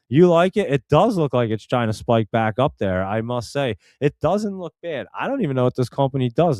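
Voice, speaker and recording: A man's voice: fairly low pitch, a little mellow, dry recording, clean studio sound. A man hosting a stock market show, chatting casually and rambling with many fillers and restarts. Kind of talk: casual live-stream chat.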